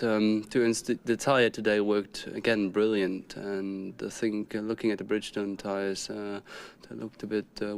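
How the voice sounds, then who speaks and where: A man answers questions on the podium in halting English after the race. His voice sits fairly low, with faint background noise around him. He pauses often to search for his words. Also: gravelly. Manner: halting, many fillers and restarts. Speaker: racing driver. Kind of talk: post-race podium interview.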